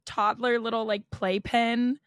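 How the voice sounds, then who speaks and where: A woman's voice: fairly high pitch, level tone, unhurried, dry recording, studio quality. A young adult woman co-hosting a podcast, chiming in playfully with jokes. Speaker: podcast co-host. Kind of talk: casual chat.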